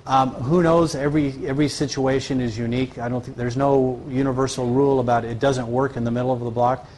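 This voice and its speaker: A man's voice: medium pitch, fairly even intonation, brisk, a little mellow, a little hiss or hum. A man presenting at a live question-and-answer session, often stopping and restarting mid-sentence.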